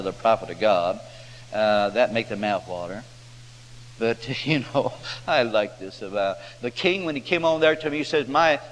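A man preaches in a folksy, homespun manner, acting out the figures of a Bible story as he tells it. His voice rings in a reverberant hall, with a faint hum underneath. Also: mid-range voice. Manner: folksy drawling preacher who acts out the characters' voices.

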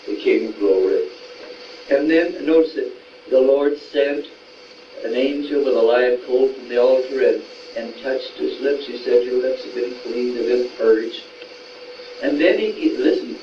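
A man preaching in a homespun, folksy way and retelling Bible stories in quoted voices, in a room with a small gathering. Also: medium pitch. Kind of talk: folksy sermon. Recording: roomy, distant, dull sound with faint noise.

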